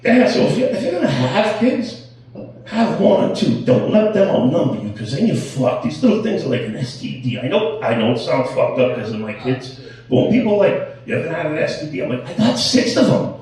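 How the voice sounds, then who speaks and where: A middle-aged man doing a crude stand-up set, telling stories with animated delivery. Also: fairly high pitch, a little fast, recorded from a distance. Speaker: stand-up comedian. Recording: echoey room, heard from off-mic.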